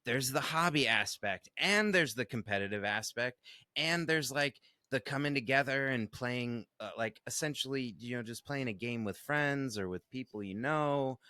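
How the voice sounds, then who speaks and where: Podcast cohost dude, bright voice, lively, laughs a lot, dry sound. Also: male voice, medium pitch, normal speed, smooth, no room sound. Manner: animated, laughs often, acts out quotes. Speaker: podcast co-host. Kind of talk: casual chat.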